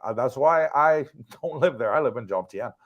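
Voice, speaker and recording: An American man at a middling pitch, co-hosting a relaxed livestream chat. He talks in an easygoing, conversational way, laughing lightly as he answers questions from viewers. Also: moderate pace. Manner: relaxed, chatty, easy laughs. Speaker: livestream co-host. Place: condo in Thailand.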